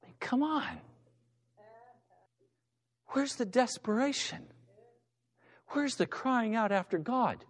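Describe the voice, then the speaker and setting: A male pastor preaching a sermon with passion, acting out the voices of the people in his story. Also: sits high. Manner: impassioned preacher, acts out shouting voices.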